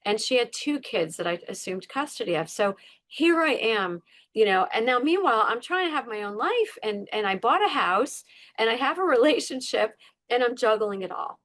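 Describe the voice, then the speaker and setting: A woman's voice: fairly high pitch, expressive, moderate pace, a bit bright. A middle-aged woman, a podcast guest, sharing a personal story in conversation with earnest emphasis, repeating words and acting out her inner voices.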